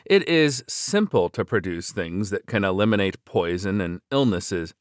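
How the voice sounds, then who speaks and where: Deep-voiced man reading a novel, dry sound. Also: expressive, normal speed, clear, resonant tone, dry recording. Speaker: audiobook narrator. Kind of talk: scripted narration of a web novel.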